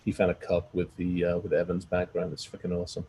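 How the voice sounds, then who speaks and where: A man's voice: low voice, completely flat delivery, fast talker, mellow, husky. A man co-hosting a podcast in casual chat, dry and a little hesitant, swearing freely. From United Kingdom. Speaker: podcast co-host.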